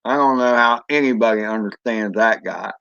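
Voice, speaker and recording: A man's voice: fairly low pitch, moderate pace, fairly bright tone, smooth, dull audio. A man chatting casually on a drone hobby live stream, rambling and answering viewers as he goes. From Florida. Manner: rambling, chatty, reads chat aloud.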